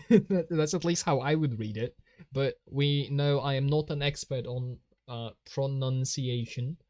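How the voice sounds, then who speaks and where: Young Polish-accented male streamer, slow, laughs constantly, dry close sound. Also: mid-range voice, darkish tone, no echo, muffled recording. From Poland. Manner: giggly, laughs often, reads out chat. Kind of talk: casual live-stream chat while drawing.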